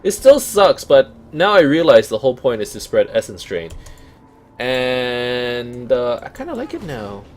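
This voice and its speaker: A man's voice: medium pitch, very animated, unhurried, a little mellow. A young Canadian man with a Canadian accent, chatting casually while playing a game and thinking aloud. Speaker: let's play host. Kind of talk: casual gameplay commentary.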